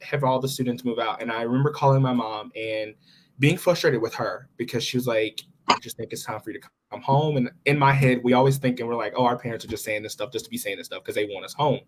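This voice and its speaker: A young man, a recent college graduate, talks as a guest in a casual conversation. He tells his story with animated energy and swings quickly between frustration and good humor. His voice sits at an ordinary middle pitch. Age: young adult.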